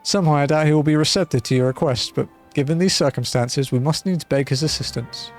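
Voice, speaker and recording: A man's voice: a little high, quick pace, soft background music, lightly acted. A man voicing a blind retired male mercenary turned wine merchant who speaks in a courteous, old-fashioned formal way, reading game dialogue aloud. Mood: genteel.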